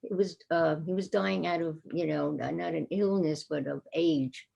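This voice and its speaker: A woman tells a personal family story in an easy, conversational manner, pausing and restarting as she goes. Her voice is dark and gravelly. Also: deep voice, fairly even intonation, dull audio.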